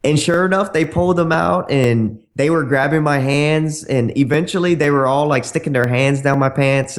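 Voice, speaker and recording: A man, a podcast guest and dating coach, telling brash, bawdy stories in a casual way. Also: medium pitch. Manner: brash, bawdy, acts out dialogue in shifting voices. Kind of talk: casual anecdote storytelling.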